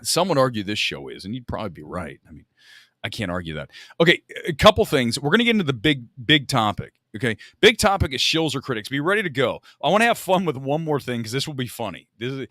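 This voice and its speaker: A man's voice: medium pitch, very animated, fast, pushed and bright, no echo, clean studio sound. A man hosting a live movie talk stream, rambling and joking at his own expense in casual chat on a desk microphone. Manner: rambling, joking and self-mocking.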